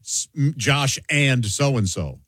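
A male radio host talks frankly and pokes fun at himself in casual studio banter. His voice is husky and dry, with no room echo around it. His pitch moves a lot as he talks. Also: takes it slowly. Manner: self-deprecating, candid, animated.

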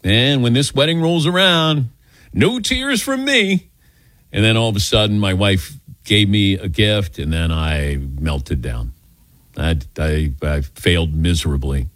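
A man's voice: sits low, unhurried, fairly bright tone, dry recording. An older man hosting a call-in radio show, chatty and self-deprecating as he tells stories.

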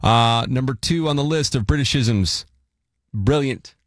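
A man hosting a morning radio show, chatting playfully with quick asides. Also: medium pitch, no room sound, studio quality. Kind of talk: casual radio chat. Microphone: studio microphone.

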